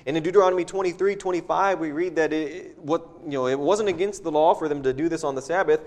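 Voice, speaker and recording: Male preacher, somewhat high pitch, relaxed conversational sermon delivery. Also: fast. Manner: conversational, repeats words, chuckles at points.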